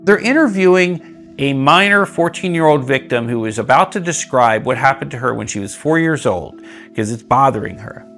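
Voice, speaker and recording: Male interviewee, grave, emphatic, animated pitch, faint music. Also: normal speed. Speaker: interviewee, activist. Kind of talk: documentary interview.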